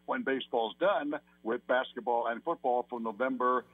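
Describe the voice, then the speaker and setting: A man's voice: mid-range voice, normal speed, breathy edge. An older man from New York, a sportscaster guest, giving long run-on answers full of restarts in a casual radio interview. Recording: tinny phone line.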